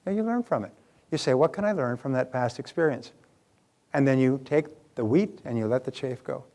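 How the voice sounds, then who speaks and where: A man's voice: medium pitch, animated, a little fast, darkish tone. Earnest older man lecturing a seminar. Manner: earnest, conversational, asks the audience questions. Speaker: seminar speaker. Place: live seminar before an audience.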